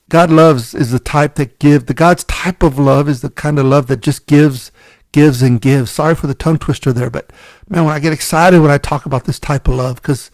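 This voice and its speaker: A man's voice: on the high side, darkish tone, no echo. A man preaching a conversational sermon, candid and self-deprecating, often restarting his sentences and checking in with "right?".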